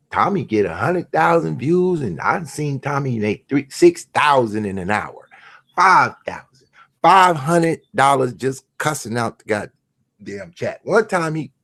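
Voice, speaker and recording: A man hosting his own show, delivering a crude, mocking, profane rant. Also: mid-range voice. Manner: crude, mocking, swings between shouts and mutters. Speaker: host. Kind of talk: profane ranting monologue.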